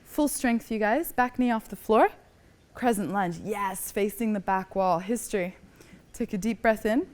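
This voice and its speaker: A woman teaching a yoga class, giving calm, encouraging cues and slightly out of breath as she moves through the poses. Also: mid-range voice, unhurried. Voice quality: calm, encouraging cueing, often soft. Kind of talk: guided yoga class instruction.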